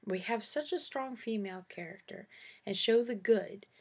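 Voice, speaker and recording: A woman's voice: mid-range voice, lively intonation, moderate pace, slightly rough. A woman hosting her own show, casually and opinionatedly reviewing movies with sarcastic asides.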